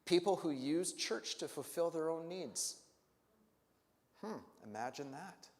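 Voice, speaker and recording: High-voiced pastor in a reverberant hall. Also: male voice, animated, unhurried, darkish tone. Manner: asks reflective questions, then rises to emphatic peaks. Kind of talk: sermon. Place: church sanctuary.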